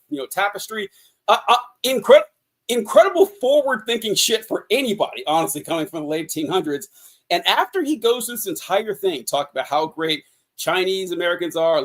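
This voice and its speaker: Man casually riffing on a film podcast. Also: fairly high pitch. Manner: loose and profane, reads quotes aloud. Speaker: podcast co-host. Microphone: podcast mic, streamed call.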